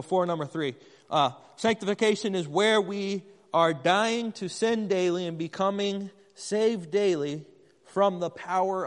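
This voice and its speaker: Man, preacher, high voice, sermon, asks the congregation questions, echoing church hall. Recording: long hall reverb.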